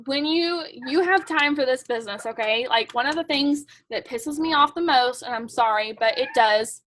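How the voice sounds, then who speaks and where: A young woman with a high, fairly bright voice speaks at a moderate pace, leading her sales team at a kick-off meeting. Her motivational talk is chatty and emphatic, packed with "like" and "um," and her pep comes across blunt and pushy.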